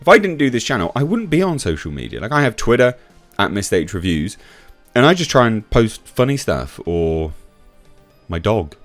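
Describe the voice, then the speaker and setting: A man's voice: very animated, moderate pace, no room sound, soft background music. A man giving casual, sarcastic commentary, reading out quotes and reacting to them with sudden emphatic jumps in his voice. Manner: sarcastic, chatty, swings from low mutter to sudden high emphasis. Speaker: YouTube commentator.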